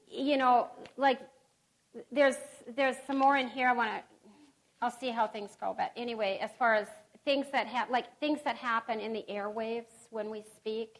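A middle-aged woman giving an earnest sermon to a women's gathering, reading scripture aloud with pauses and restarts. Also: a little high, fairly bright tone, rough recording.

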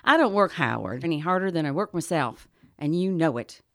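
A feisty, bossy diner owner with a drawl and folksy, blunt talk, played by a woman. Her voice sits low but swings widely in pitch. The sound is dry and close. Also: lively intonation, brisk, fairly bright tone, no echo. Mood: exasperated. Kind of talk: radio drama acting.

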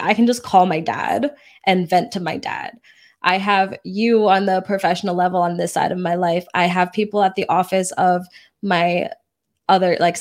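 Earnest woman podcast co-host. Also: medium pitch. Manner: earnest, candid, quick bursts. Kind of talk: casual podcast chat.

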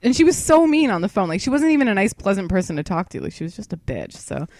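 A woman's voice: medium pitch, big pitch swings, quick pace, a little mellow, dry recording, clean studio sound. A young woman co-hosting a podcast, a bit tipsy, rambling and swearing freely with lots of laughs. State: tipsy from wine. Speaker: podcast co-host. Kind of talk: casual chat.

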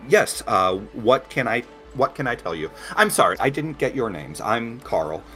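A man voicing a polite, burn-scarred blind assistant who speaks gently and stammers often. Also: medium pitch, big pitch swings, moderate pace, over music, voice pushed up, natural voice. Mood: courteous.

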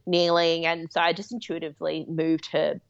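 A woman's voice: low-pitched, level tone, moderate pace, gravelly, clean tone, dull audio. A woman who works as a midwife, a guest in a remote interview, telling a personal story in a candid, rambling way with frequent laughs. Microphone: remote call.

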